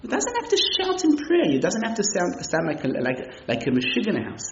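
A man doing a shouting, upset traveler. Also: huge pitch swings, brisk, slight background noise. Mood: indignant. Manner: shouting, high-pitched pleading. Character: upset traveler demanding his money back. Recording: echoey, slightly muffled room recording.

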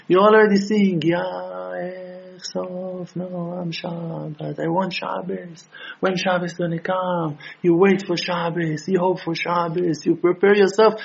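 A man's voice: sits high, gravelly, slightly rough. A man giving an impassioned sermon as a religious teacher, building to emphatic peaks. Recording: dull lo-fi recording.

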